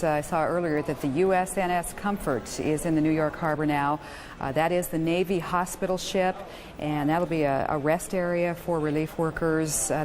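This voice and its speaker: A woman with a low-pitched voice anchors live news coverage. She speaks steadily and spells out phone numbers slowly. Faint background noise sits under her voice. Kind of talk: live call-in news hosting.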